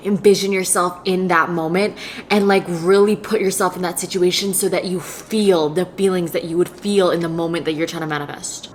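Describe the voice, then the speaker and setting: A woman's voice: lowish voice, steady tone, a little fast, faint music behind. A nineteen-year-old woman vlogging at home in a casual confessional chat, swearing freely and filling her talk with "like". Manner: chatty, swears freely, heavy "like" filler. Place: her apartment.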